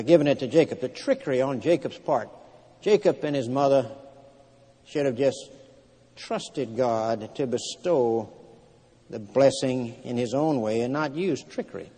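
A man preaching a sermon, retelling scripture in a plain storytelling way with frequent pauses and fillers. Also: medium pitch, dark tone, husky. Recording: long hall reverb.

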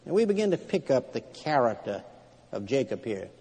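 A man preaching a sermon, retelling scripture in a plain storytelling way with frequent pauses and fillers. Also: medium pitch, big pitch swings, warm tone, breathy edge. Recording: long hall reverb.

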